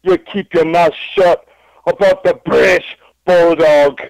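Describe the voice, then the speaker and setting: A man's voice: on the high side, steady tone, takes it slowly, vocal fry, a little mellow, dry recording, pitched above the performer's own voice, rough recording. A man impersonating an angry, protective father and male wrestler cutting a threatening promo. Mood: menacing. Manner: threatening, declamatory promo delivery.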